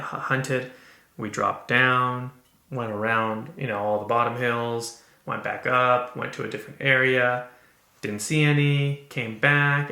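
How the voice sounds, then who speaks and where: Earnest gravelly-voiced man telling a story. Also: mid-range voice, sharp tone, reverberant. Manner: earnest, halting, with restarts. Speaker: podcast host. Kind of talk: casual storytelling.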